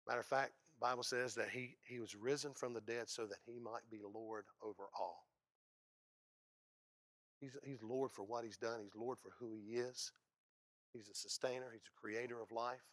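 A man preaches a sermon, his mid-pitched voice dropping to hushed lows and then jumping into loud, high bursts. He sounds like he's in his thirties. The sound is dry and close, with no room echo. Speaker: pastor.

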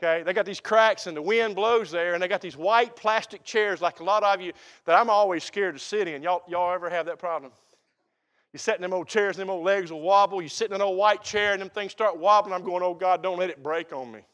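A man's voice: high-pitched, fairly even intonation, fairly quick, a bit bright. A middle-aged man preaching a sermon as pastor, folksy and emphatic.

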